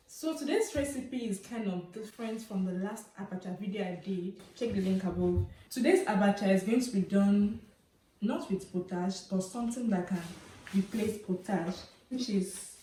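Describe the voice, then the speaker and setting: A woman's voice: mid-range voice, mellow, a little hiss or hum. A young Nigerian woman with a Nigerian accent hosting her cooking channel, chattily naming each ingredient as she shows it. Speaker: cooking vlogger. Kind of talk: recipe demonstration. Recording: echoey room with faint music.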